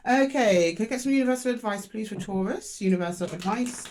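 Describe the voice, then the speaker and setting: Affectionate woman, young adult, chatty tarot reader filmed at home, middle pitch. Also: a little fast, hardly any pauses, a little mellow, a little hiss or hum. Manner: chatty and affectionate, talking to viewers as "my loves". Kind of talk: casual tarot reading to camera. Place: room in a two-story house.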